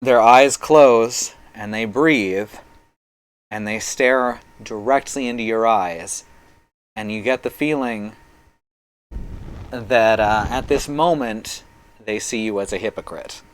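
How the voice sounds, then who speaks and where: A man narrating a live-streamed tabletop game as game master, with measured, slow description. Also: on the low side, smooth.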